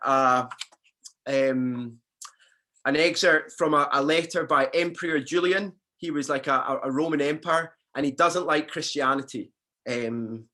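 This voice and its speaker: Conversational male pastor, bright voice. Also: mid-range voice. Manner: conversational, with fillers and restarts. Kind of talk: sermon.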